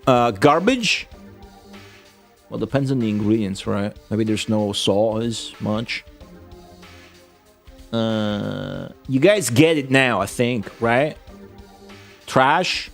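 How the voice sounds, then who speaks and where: A man's voice: lowish voice, slow, gravelly, long pauses, faint music behind. A man chatting on a livestream, blunt and profane, swearing freely as he rants. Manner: profane, blunt, excitable ranting. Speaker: streamer. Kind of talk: casual livestream chat.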